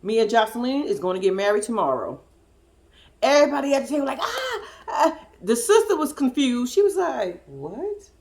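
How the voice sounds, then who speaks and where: A woman with a fairly high, lively voice gives casual recap commentary. She swoops up and down, cusses freely and laughs her way through the story. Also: brisk. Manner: animated, profane and laughing. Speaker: host.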